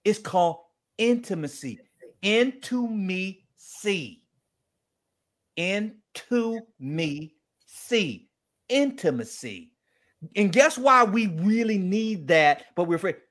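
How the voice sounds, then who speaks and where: A man speaking as a guest, telling a story in a lively, preacher-like way and acting out the quoted dialogue. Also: sits high, slow. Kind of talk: animated storytelling talk.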